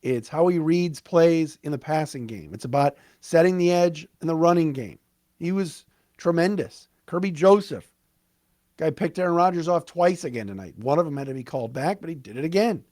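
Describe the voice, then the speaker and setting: Guy doing a solo sports podcast, talks excited and punchy, bit high pitched, dead dry mic. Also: normal speed, dry recording. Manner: excited, emphatic, conversational. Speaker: podcast host.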